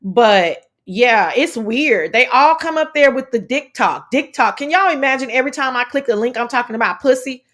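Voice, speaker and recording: A woman hosting a casual commentary livestream, telling stories in a sassy, profane, animated way. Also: high voice, moderate pace, hardly any pauses. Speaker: commentary host.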